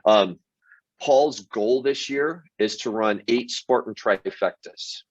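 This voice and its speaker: A man's voice: mid-range voice, takes it slowly, dry recording, dull audio. A man hosting a motivational sales show, telling stories earnestly with frequent restarts and filler words. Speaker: sales team leader and show host. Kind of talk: motivational storytelling monologue.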